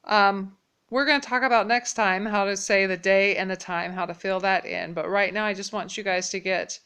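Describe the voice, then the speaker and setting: A woman teaching a language lesson at a whiteboard, explaining patiently and repeating each phrase slowly. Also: medium pitch, fairly even intonation, a bit bright, smooth.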